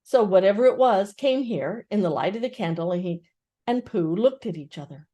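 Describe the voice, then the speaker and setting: A woman's voice: mid-range voice, animated, moderate pace, warm tone. Older woman reading a children's storybook. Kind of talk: reading a children's book aloud.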